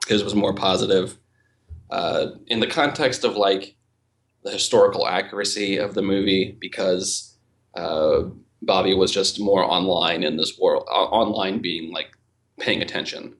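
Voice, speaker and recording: Deep-voiced man musing with many fillers. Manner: thoughtful, hesitant with many fillers. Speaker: podcast host and film reviewer. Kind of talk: casual podcast discussion.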